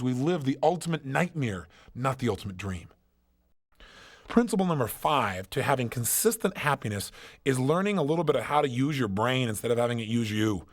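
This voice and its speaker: A man giving a motivational seminar talk, telling stories emphatically and asking rhetorical questions. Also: medium pitch. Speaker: motivational speaker.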